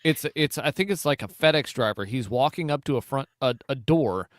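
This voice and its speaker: A man co-hosting a casual podcast, telling stories with wry, deadpan humor. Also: mid-range voice, brisk, no room sound, studio quality. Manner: wry, deadpan jokes, storytelling. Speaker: podcast co-host.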